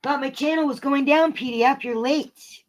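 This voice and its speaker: A woman's voice: high-pitched, moderate pace. A woman livestreaming, ranting angrily at her chat and swearing in a confrontational way.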